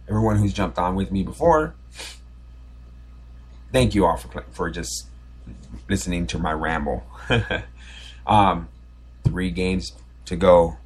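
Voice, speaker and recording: A man's voice: low voice, slightly rough. A man in his forties hosting a solo sports podcast, telling a nostalgic story in a loose, rambling way with many restarts. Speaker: podcast host. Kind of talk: casual solo podcast monologue.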